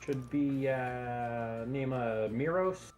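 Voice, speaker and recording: A male player who speaks slowly and hesitantly, with a middle-pitched voice. Faint music plays behind him. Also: darkish tone. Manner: hesitant, many fillers.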